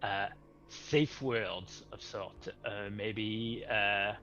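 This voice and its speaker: A man's voice: lowish voice, fairly even intonation, extremely slow, bright, forceful tone, muffled recording, slight background noise. A man playing a tabletop role-play game, speaking hesitantly with many fillers. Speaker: player.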